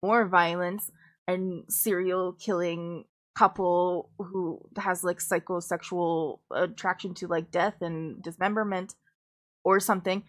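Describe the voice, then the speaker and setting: A woman's voice: on the low side, fairly even intonation, takes it slowly. Woman rambling through a casual stream chat. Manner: rambling, many fillers and restarts, casual swearing.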